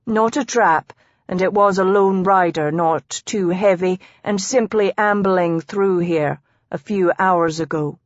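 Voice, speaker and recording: A woman voicing a big, blunt Welsh tracker with a gruff manner and a Welsh accent. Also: on the low side, measured pace, no echo, highs cut off, lightly acted.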